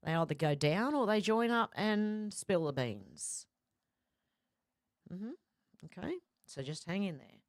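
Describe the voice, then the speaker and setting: A woman's voice: fairly low pitch, expressive, slow, pauses often, dry recording, studio quality. A woman hosting a casual livestream, reading out viewer comments and rambling between them with many fillers and restarts. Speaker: livestream host reading chat.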